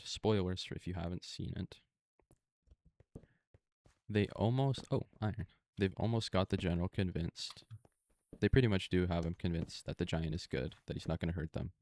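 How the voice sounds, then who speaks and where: A man casually retelling a movie in a flat, monotone way over gameplay, speaking close to a desktop microphone with plenty of fillers. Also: sits low, creaky. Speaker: gaming video creator.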